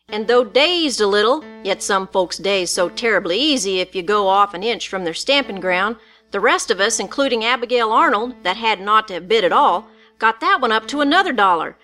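A woman narrates a storybook in first person, with folksy, rural turns of speech. Her voice is bright and a bit high, and soft guitar plays faintly behind her.

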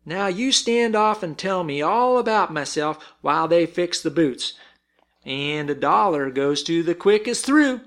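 A man voicing a grave, slow-spoken cowpuncher with a dry sense of humor. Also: fairly high pitch, expressive, a bit bright, voice pushed up.

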